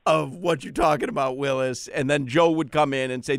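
A man chatting casually and enthusiastically, pitching fun lines to a guest and laughing easily. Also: fairly even intonation, brisk, gravelly, no echo, studio quality. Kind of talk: casual phone chat.

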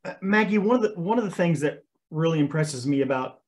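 A man hosts a podcast and asks his guest questions. His voice sits a little high for a man. He talks hesitantly and searches for the right words as he goes. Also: expressive, brisk, darkish tone. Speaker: podcast host. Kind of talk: interview questions.

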